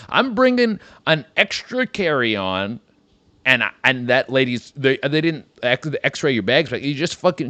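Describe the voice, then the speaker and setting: A man's voice: mid-range voice, big pitch swings, a little slow, fairly bright tone, no echo. A man hosting a comedy podcast, riffing in a rambling, profane monologue and saying "dude" a lot.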